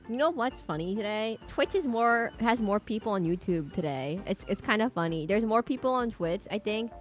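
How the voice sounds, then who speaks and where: A woman's voice: mid-range voice, animated, moderate pace, few pauses, faint music behind. A woman streaming a video game, chatting casually in a rambling, giggly way with lots of "like" fillers. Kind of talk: casual gameplay commentary.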